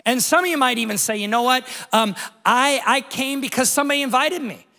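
A middle-aged man, a pastor, giving a lively, conversational Easter sermon with jokes and stories. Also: extremely high pitch, brisk, creaky. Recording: long hall reverb.

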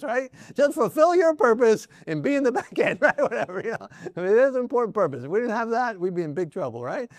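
Chatty preacher with a high-ish voice. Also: male voice, a little mellow, no echo, studio quality. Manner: conversational, keeps asking "right?" with laughs. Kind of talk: sermon.

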